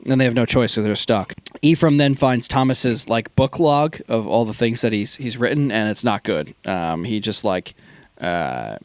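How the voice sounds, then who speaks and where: A man's voice: mid-range voice, no echo. Rambling man recapping a film, dry sound. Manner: rambling recap with lots of fillers, acts out quoted lines. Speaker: podcast co-host. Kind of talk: casual movie review chat.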